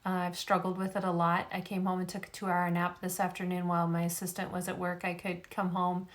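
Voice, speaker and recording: A woman's voice: lowish voice, monotone, a little fast. A middle-aged woman speaking to camera in a casual vlog about faith. She talks earnestly and rambles with many fillers, and she is tired after a migraine. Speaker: vlogger.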